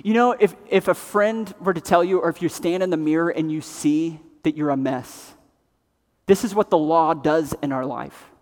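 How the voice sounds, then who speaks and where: High-voiced preacher in an echoing hall. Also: male voice, normal speed. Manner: dramatic swings from loud emphatic to hushed and grave. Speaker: pastor. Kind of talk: sermon. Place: church sanctuary. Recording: long reverb of a large hall.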